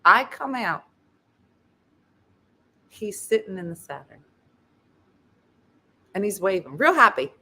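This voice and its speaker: A woman hosting a show, telling a comic story in a casual, animated way and acting out the voices of the people in it. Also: medium pitch, takes it slowly, long pauses, breathy edge. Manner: animated, acts out quoted voices. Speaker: host.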